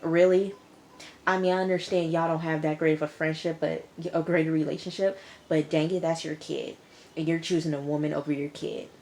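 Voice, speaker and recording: A woman's voice: deep voice, steady tone, a little fast, darkish tone, a little hiss or hum. A woman recapping a TV episode in a casual, chatty way, often talking back to the characters. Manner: chatty, talks back to characters with mock quotes. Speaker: TV episode reviewer.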